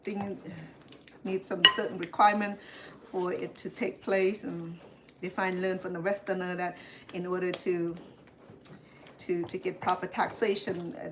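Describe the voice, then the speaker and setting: A woman's voice: on the low side, a bit bright, slight background noise. A woman from Cambodia hosting a casual home cooking demonstration, talking in rambling asides with many fillers and restarts. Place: home kitchen. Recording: clear kitchen clatter behind the voice. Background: clatter of dishes, pots and pans.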